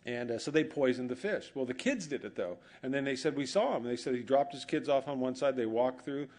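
A man's voice: mid-range voice, brisk, a little mellow. A male pastor preaching a sermon in a church, telling humorous stories and acting out bits of dialogue. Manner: storytelling with humor, acts out quoted dialogue.

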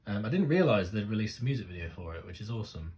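A man, gushing and swearing freely in casual reaction commentary, breaking into loud exclamations. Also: fairly low pitch, big pitch swings, very fast. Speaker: music reaction host.

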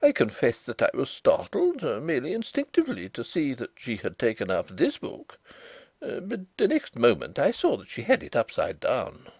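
A man's voice: huge pitch swings, moderate pace, vocal fry, a little mellow, husky, no room sound, full character voice. A man reading the part of a fussy, anxious male bank manager who stammers when upset. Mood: flustered. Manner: agitated, stammering, high-strung.

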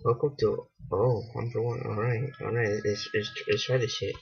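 A man giving casual let's-play commentary, excitable and swearing, laughing at himself. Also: on the low side, moderate pace, vocal fry. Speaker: gaming channel host. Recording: dull lo-fi home mic.

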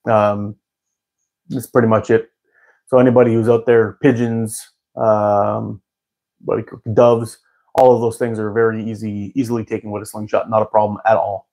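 A man's voice: fairly low pitch, little pitch movement, normal speed, warm tone. A man hosting a live stream, chatting casually with viewers in a rambling way and laughing often. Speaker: live-stream host answering chat.

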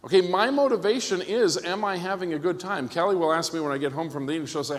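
A man preaching in a church hall with a fairly high voice. He jokes and keeps the room with him, often asking "okay?". A long reverb trails his words. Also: fast, few pauses. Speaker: pastor. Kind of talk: conference sermon.

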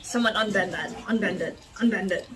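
A woman's voice: medium pitch, a little fast. A woman cosplayer chatting with friends, giggly and dramatic while joking around. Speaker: cosplayer making candy with friends. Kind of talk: casual chat. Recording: distant mic, chatter in background.

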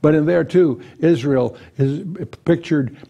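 A man's voice: fairly high pitch, measured pace, creaky, dark tone. A man teaching verse by verse through a Bible passage, reading scripture aloud with lifted emphasis and explaining it conversationally with frequent restarts. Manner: restarts and repeats words while thinking.

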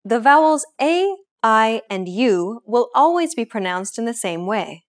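A young adult woman hosting a language lesson, explaining in a clear, measured scripted way. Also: on the high side, sing-song.

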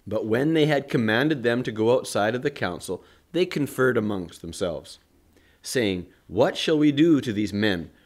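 Slow, hoarse, earnest male preacher. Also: mid-range voice, lively intonation. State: hoarse morning voice. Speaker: family ministry host. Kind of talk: devotional teaching and Bible reading.

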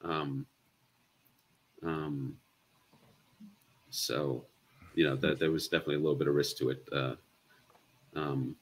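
Guy with a super low husky voice, lots of ums, chatting on a show. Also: flat delivery. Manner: halting, many ums and restarts. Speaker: guest. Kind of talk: casual chat.

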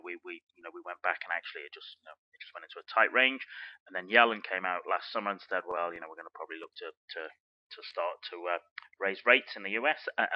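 A man with a very low voice talks quickly as he walks through trading charts. He rambles, checking in with "okay?" and "you know" as he goes. The recording is dull and dry. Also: no echo. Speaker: forex trading educator. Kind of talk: chart analysis walkthrough.

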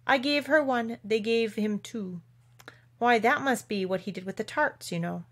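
A woman's voice: fairly high pitch, normal speed, natural voice. A woman voicing a fussy, pompous old king presiding over a trial in a storybook reading. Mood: triumphant.

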